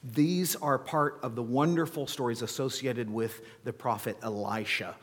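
A man preaching as a pastor, telling the story in an animated way, acting out scenes with playful asides. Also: mid-range voice, moderate pace. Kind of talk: sermon. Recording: long hall reverb.

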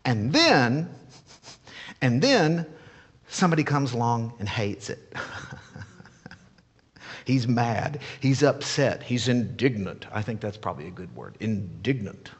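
A male pastor preaching a sermon in an animated, playful way, full of rhetorical questions. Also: medium pitch, measured pace, husky, long reverb tail.

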